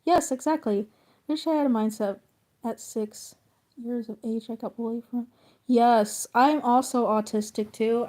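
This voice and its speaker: A woman streaming while she draws, chatting casually and gently encouraging her viewers. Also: mid-range voice. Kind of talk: casual chat.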